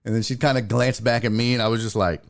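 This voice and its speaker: Mid-range in pitch and creaky, this man talks fast while hosting a sports talk podcast. His story is profane and casually comic, delivered with animation and impressions of the people he describes.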